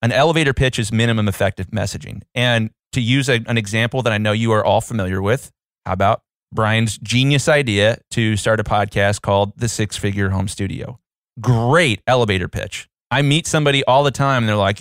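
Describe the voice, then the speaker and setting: A man's voice: fairly low pitch, fairly quick, a bit bright, dry recording, studio quality. Playful male podcast co-host. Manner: playful, fond of doing voices. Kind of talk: casual chat.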